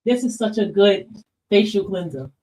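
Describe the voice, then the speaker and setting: A woman's voice: mid-range voice, expressive, moderate pace, dark tone, recorded from a distance, low-quality recording. A woman hosting a livestream podcast, talking bluntly and passionately to her viewers, swearing and calling them y'all. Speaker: podcast host. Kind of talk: livestream monologue to chat.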